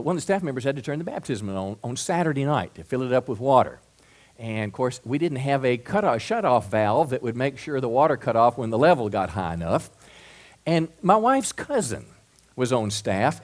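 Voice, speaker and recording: A man preaching a sermon as pastor, folksy and conversational, asking his listeners question after question and stumbling over repeated words when he gets going. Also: mid-range voice. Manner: asks the crowd many rhetorical questions.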